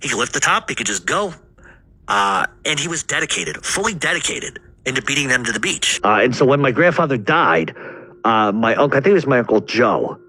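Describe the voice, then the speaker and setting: A man from Rhode Island telling a family story in a loose, rambling way. He swears freely and fills his pauses with "uh". His voice is husky and tense, with a hard, pushing edge. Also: mid-range voice, sing-song, bright, forceful tone. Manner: rambling, heavy swearing, frequent fillers.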